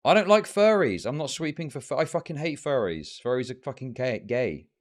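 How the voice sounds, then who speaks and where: Animated, heated male streamer ranting. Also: medium pitch, brisk. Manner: heated, profane ranting at chat. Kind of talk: livestream commentary.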